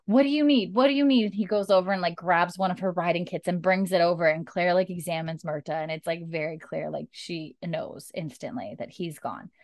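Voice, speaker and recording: A woman's voice: on the low side, fairly even intonation, a little fast, hardly any pauses, no room sound, clean studio sound. A woman casually recapping a TV episode, acting out the characters' lines as she goes. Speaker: podcast co-host recapping a TV episode. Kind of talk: casual chat.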